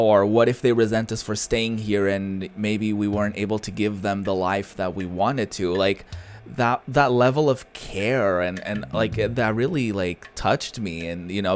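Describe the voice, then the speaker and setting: Rambling young man, deep voice. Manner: rambling, heartfelt, many fillers and restarts. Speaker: gaming streamer. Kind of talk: casual gameplay commentary.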